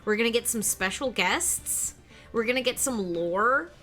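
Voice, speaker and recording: Playful woman game streamer, bright tone, light music under her. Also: a little high, expressive, unhurried. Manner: giggly, playful banter. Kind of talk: casual chat on a game stream.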